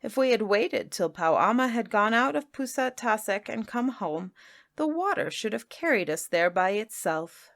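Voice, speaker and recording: A woman's voice: medium pitch, lively intonation, unhurried, vocal fry, fairly bright tone. A woman voicing a weary, lazy grown man in a plain, grumbling way.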